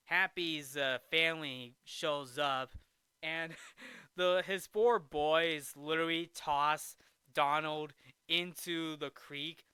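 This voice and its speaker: A man's voice: fairly high pitch, bright, forceful tone, clear, resonant tone, no echo. A man hosting a casual movie-recap vlog, rambling and restarting sentences. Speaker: movie review host.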